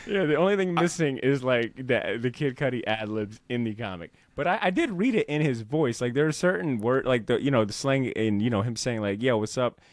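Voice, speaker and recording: Male podcast co-host, mid pitch, dry booth sound, excitable rambling fan energy. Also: brisk, hardly any pauses, no echo. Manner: rambling, animated, swears casually, lots of fillers. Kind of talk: casual chat about comics.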